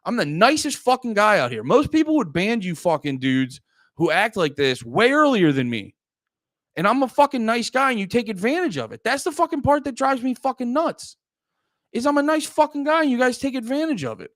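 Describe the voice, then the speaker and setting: High-voiced profane streamer man. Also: very animated, fairly quick, fairly bright tone, no echo, clean studio sound. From Pennsylvania. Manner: profane, rambling, heated. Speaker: livestream host and comedian. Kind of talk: casual livestream talk to chat.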